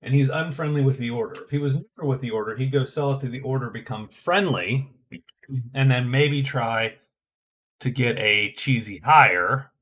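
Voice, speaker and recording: A man's voice: mid-range voice, normal speed, a bit bright. A middle-aged man casually narrating his own board game turns, thinking aloud with frequent hesitations and restarts. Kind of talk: casual solo game commentary.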